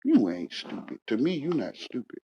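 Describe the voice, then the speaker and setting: A man's voice: mid-range voice, huge pitch swings, moderate pace, a little hiss or hum. Ranting man with dull lo-fi sound. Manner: repetitive, confrontational, swings from shouting to muttering. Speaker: panel speaker. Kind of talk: heated casual rant.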